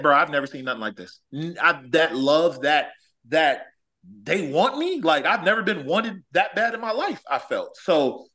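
A man from Los Angeles, a former college athlete, telling stories in a casual chat and acting out quotes. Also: sits high. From Los Angeles, California. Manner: animated, acts out quotes, says "like" often.

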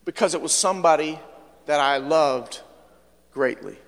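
A man preaching in a church, his voice pitched high and lively. He drops to near-whispers and then climbs into loud, impassioned calls. The sound rings with a long reverb through the sanctuary. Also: a little slow. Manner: animated preaching, swings from hushed to loud. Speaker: pastor. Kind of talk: sermon.

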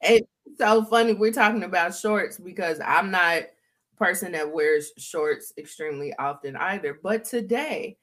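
A woman's voice: on the low side, normal speed, fairly bright tone. A woman on a podcast asking curious questions and laughing easily. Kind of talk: casual chat.

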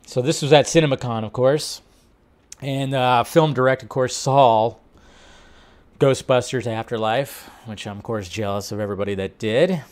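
A man hosting a casual entertainment news talk, animated and rambling, laughing often. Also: medium pitch, normal speed. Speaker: host.

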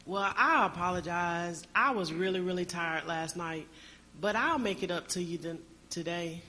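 A woman's voice: lowish voice, moderate pace, sharp tone. A woman playing an affectionate wife in an amateur skit, talking sweetly. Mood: apologetic. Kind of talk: amateur church skit acting.

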